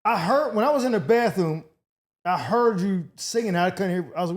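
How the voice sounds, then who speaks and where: A man's voice: sits high, expressive, normal speed. A man hosting a podcast, chatting casually in loose, profane banter and laughing often. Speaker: podcast host.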